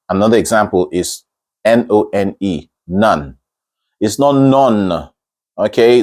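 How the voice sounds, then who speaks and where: A man teaching singing, explaining pronunciation slowly and repeating each word to demonstrate the sound. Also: lowish voice, darkish tone. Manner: slow, demonstrative, repeats words to model sounds. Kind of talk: vocal lesson on pronunciation.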